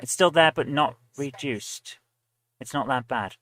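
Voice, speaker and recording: A man's voice: medium pitch, unhurried, fairly bright tone, dry recording, poor audio. A British man hosting a live stream, chatting casually and grumbling while he fiddles with his audio settings.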